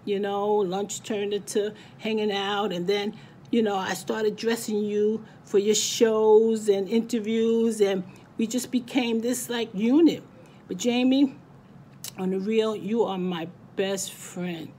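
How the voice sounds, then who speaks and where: A woman's voice: mid-range voice, mellow, slight background noise. A woman giving a heartfelt spoken birthday tribute to a friend, emotional, her voice cracking at times.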